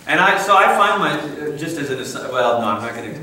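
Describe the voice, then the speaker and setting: A man's voice: on the high side, animated, a little fast, bright, forceful tone, a little hiss or hum. A man giving a church conference talk to a room, conversational and wry, often breaking off for asides. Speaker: conference speaker. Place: large room. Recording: echoey room, mic at a distance.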